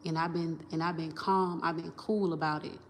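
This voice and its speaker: A woman's voice: sits low, steady tone, moderate pace, a little hiss or hum. A woman on a livestream, talking in a rambling, emphatic and profane way, restarting sentences and repeating herself into a phone camera.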